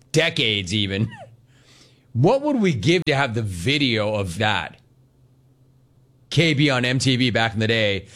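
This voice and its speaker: A man hosting a sports talk radio show, telling stories in quick, animated bursts and acting out quotes. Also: medium pitch. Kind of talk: casual talk radio monologue.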